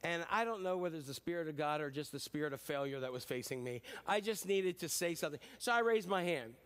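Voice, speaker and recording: A man's voice: a little high, expressive, fast, a bit bright. A middle-aged man preaching a conversational sermon as a pastor, telling stories in a chatty, self-deprecating way with many fillers.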